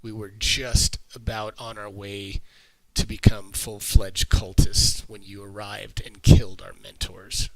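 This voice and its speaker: A man's voice: lowish voice, flat delivery, measured pace, a crowd in the background, pitched below the performer's own voice, rough recording. A man voicing a sullen captured male cult initiate in a tabletop game, talking back with defiance.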